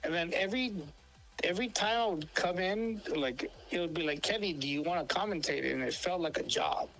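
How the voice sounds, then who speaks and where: A man's voice: high-pitched, fairly quick, gravelly, fairly bright tone, soft background music, poor audio. Rambling, profane man. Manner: rambling, profane, full of fillers and restarts. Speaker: co-host telling stories. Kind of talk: casual storytelling chat.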